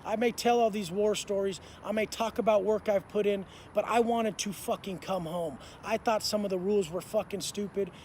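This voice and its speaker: A man's voice: high voice, a little mellow, a little hiss or hum. A man telling a story in an intense, profane way, full of street slang. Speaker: motivational speaker. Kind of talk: storytelling monologue.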